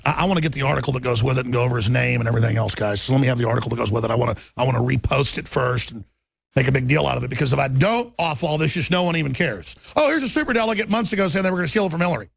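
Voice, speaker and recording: A man's voice: medium pitch, very fast, gravelly, breathy edge, dry recording. A middle-aged man hosting a talk show, ranting in heated political commentary with intense repetition.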